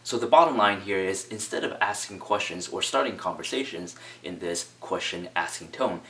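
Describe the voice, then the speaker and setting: Man, very low voice, emphatic conversation-skills coach, slightly distant recording. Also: animated, moderate pace, fairly bright tone. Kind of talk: instructional video monologue.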